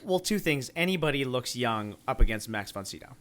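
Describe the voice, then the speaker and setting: A man's voice: mid-range voice, expressive, fairly quick, a bit bright. A man co-hosting a film podcast, joking casually with lots of fillers. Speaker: podcast co-host. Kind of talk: casual chat.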